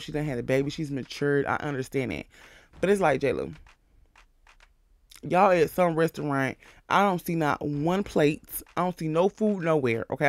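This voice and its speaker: A man's voice: fairly high pitch, no echo. A man casually recapping a reality show, bluntly and with jokes, acting out the cast members' lines. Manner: blunt, profane, joking asides.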